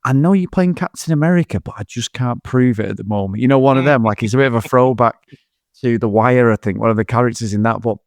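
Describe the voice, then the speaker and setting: A man's voice: mid-range voice, fast, dry recording, studio quality. Rambling man reviewing a film. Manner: rambling, animated, swears freely. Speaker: podcast co-host. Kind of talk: casual film review chat.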